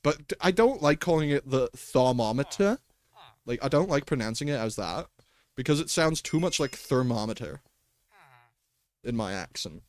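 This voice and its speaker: A man's voice: medium pitch, animated, normal speed. A man livestreaming a game in casual commentary, chatty and talking to himself and his pets, swearing and laughing often at a desk microphone.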